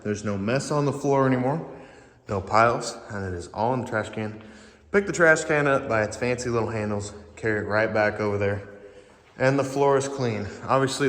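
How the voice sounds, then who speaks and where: A man's voice: medium pitch, a bit bright. A man talking casually as a vlogger, rambling and swearing offhandedly while showing around his garage. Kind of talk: casual vlog walkthrough. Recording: echoey garage with long reverb.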